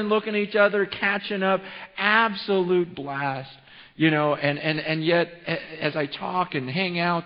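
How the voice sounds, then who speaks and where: A man around forty from California, preaching a sermon as a pastor, telling an emotional story full of restarts. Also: on the high side. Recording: reverberant hall, dull sound.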